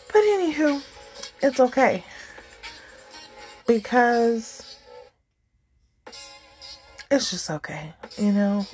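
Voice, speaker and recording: Slow encouraging woman podcaster, fairly high voice, bit of music under it. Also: very animated, poor audio. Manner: warm, encouraging, rambling with many fillers. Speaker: podcast host. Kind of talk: casual heartfelt talk.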